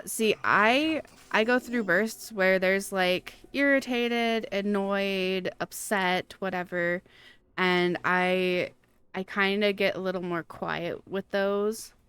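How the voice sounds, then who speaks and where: Slow-talking woman with a smooth Pacific Northwest accent. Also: on the low side, a bit bright, no echo. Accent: Pacific Northwest American. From Pacific Northwest, USA. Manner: rambling, frequent fillers and restarts. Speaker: streamer. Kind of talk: casual chat while gaming, answering chat. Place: home room with a fan.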